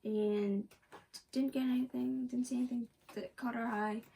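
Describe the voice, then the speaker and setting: A woman co-hosting a cross-stitch vlog, chatting in a relaxed, offhand way. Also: on the high side, moderate pace, creaky, distant mic, poor audio. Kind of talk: casual chat. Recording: off-mic with faint noise.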